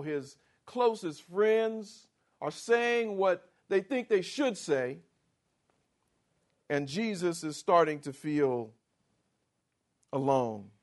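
A man preaching a sermon, slow and emphatic, reading scripture aloud and driving his points home with rising force. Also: fairly high pitch. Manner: slow, emphatic preaching with sharp rises for quoted lines. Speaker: pastor.

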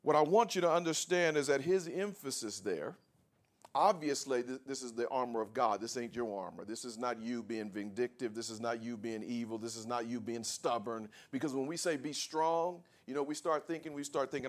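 A man preaching a sermon to a congregation, leading call and response and building from quiet talk to shouted scripture. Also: medium pitch, moderate pace. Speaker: pastor. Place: church before a congregation.

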